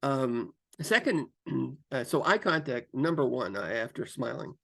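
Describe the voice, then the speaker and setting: A man's voice: measured pace, gravelly. A man giving career coaching advice to camera, varying his pace and tone for emphasis and often repeating himself with fillers. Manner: lively, shifts pace and pitch for emphasis; repeats phrases, frequent fillers. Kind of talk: instructional talk to camera.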